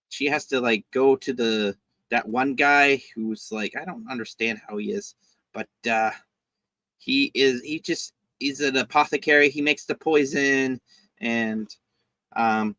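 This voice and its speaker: A man hosting a casual review, rambling and halting, with lots of fillers and restarts. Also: medium pitch, sharp tone, dry recording. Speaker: host, show reviewer.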